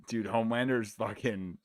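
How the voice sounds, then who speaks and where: A man's voice: lowish voice, fairly even intonation, unhurried, dry recording, clean studio sound. A man from the United States hosting a live fight watch-along stream, talking in a laid-back, rambling, profane way. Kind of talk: casual chat.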